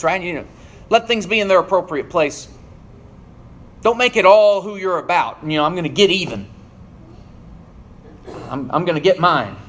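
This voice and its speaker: Guy preaching a sermon, kinda high voice, earnest and emphatic. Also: a bit bright. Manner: earnest, emphatic, drops low at phrase ends.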